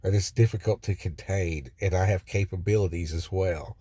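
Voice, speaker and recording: A man's voice: low voice, fairly even intonation, moderate pace, mellow, no room sound. A man telling a raw personal story from his car, swearing freely and circling back with many fillers and restarts. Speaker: vlogger sharing a personal testimony. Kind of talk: rambling first-person storytelling. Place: in a car by the roadside.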